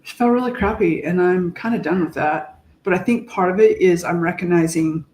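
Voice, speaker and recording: A woman co-hosting a podcast, talking in a casual, heartfelt way, reflective and halting as she searches for words. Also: on the low side, darkish tone. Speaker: podcast co-host. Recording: echoey room.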